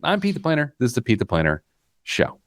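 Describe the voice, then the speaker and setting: A man hosting a money podcast in casual chat, joking and animated. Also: mid-range voice. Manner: joking, animated, quick asides. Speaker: podcast host.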